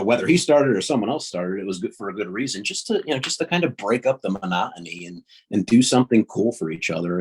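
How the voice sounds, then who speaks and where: A middle-aged man from the northern United States chats as a podcast guest, his voice low and a little husky. He talks in a halting, self-correcting way, with frequent restarts and laughter. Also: a little mellow. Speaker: voice actor guest. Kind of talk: casual podcast interview.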